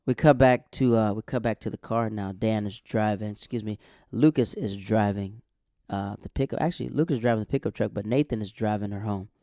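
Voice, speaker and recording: A man's voice: fairly low pitch, brisk, gravelly, darkish tone, dry recording, studio quality. A young man casually recapping a TV episode, rambling and correcting himself as he goes. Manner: rambling, chatty, self-correcting asides. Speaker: show recap host.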